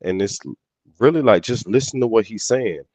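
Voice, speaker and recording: A man's voice: fairly low pitch, normal speed, darkish tone, no echo. A man in a casual podcast debate, talking in street slang and often repeating and restarting his phrases.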